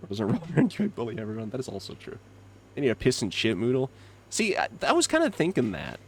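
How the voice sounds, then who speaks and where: This young streamer, not from Kentucky, speaks quickly at medium pitch with wildly swooping intonation, laughing often and reacting to his chat as he games. Slight background noise is present.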